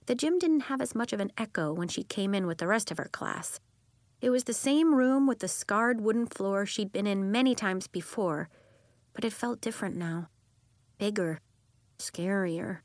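A woman's voice: moderate pace, dry recording. A woman reading a children's chapter book aloud as narrator, giving the characters their own voices. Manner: acts out children's voices with lively pitch jumps. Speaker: audiobook narrator. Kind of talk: scripted storybook narration.

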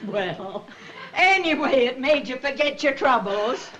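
A woman's voice: high-pitched, lively intonation, measured pace, fairly bright tone, highs cut off. An actress playing a kindly, motherly older woman in a 1950s sitcom, fussy and comforting.

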